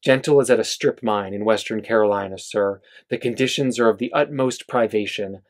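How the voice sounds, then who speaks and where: A man's voice: fairly low pitch, natural voice. A man reading as a desperate pleading man. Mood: fervent. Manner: urgent, rushed pleading. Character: desperate man pleading for his enslaved wife. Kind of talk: reading a novel aloud. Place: bookstore reading event.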